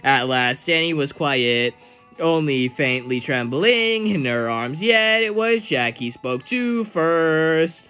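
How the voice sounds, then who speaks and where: A man reading a novel aloud in a steady storytelling manner. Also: on the high side, slow pace, smooth, muffled recording. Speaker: narrator. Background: faint music.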